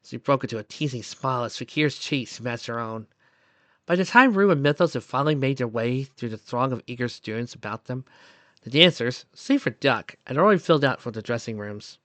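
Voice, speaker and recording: A man reading fan fiction aloud as narrator, in a soft, steady storytelling voice. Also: mid-range voice, brisk, no echo.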